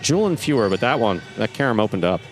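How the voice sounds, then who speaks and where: A man calling live play-by-play, his voice leaping up on exciting plays and settling back to explain them. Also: lowish voice, quick pace, faint music behind. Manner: animated, voice jumps up on exciting plays. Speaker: play-by-play commentator. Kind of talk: live sports commentary.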